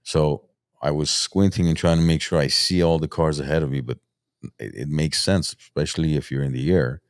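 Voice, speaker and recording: Very deep-voiced man, dry close sound. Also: steady tone, dry recording. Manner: halting, searches for words, restarts. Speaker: podcast host. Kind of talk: casual podcast chat.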